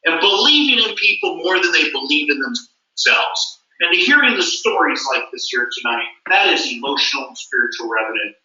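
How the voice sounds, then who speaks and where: High, bright male stage speaker. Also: big pitch swings, moderate pace, a little hiss or hum. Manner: emphatic and repetitive. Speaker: speaker at company event. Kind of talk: motivational stage speech. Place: large event hall. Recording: echoey hall from far off, dull.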